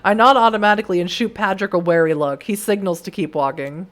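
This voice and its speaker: A hoarse woman streamer reading a story game aloud, animated and playful. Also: medium pitch, fast. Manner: animated, laughs between lines.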